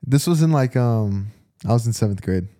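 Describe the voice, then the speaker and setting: A man's voice: medium pitch, expressive, moderate pace, warm tone, no echo, studio quality. A young man co-hosting a podcast, telling a rambling story with lots of restarts in casual chat. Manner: rambling, laid-back, trailing restarts. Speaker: podcast co-host.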